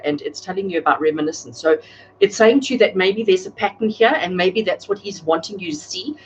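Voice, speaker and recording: A low-voiced woman does live tarot readings to a camera at home, chatting easily and naming viewers as she goes. The recording is muffled, with some background noise.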